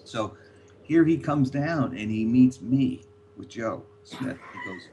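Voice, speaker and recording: A man's voice: mid-range voice, lively intonation, slow pace, mellow, a little hiss or hum. An older man from the New York area, a former record label executive, rambling through anecdotes as a podcast guest and repeating his words. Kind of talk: storytelling in a podcast interview.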